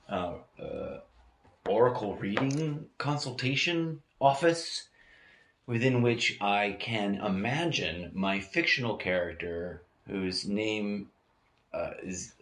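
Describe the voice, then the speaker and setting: Recorded in an echoey home room used as a studio, this podcast host talks alone, wandering through his thoughts with lots of hesitation, filler words and false starts. His voice sits fairly low but carries a fairly bright tone.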